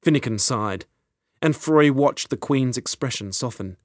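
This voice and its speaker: Narrating an audiobook, a man keeps an even, deliberate storytelling rhythm at medium pitch. It's a scripted read, recorded dry and at studio quality.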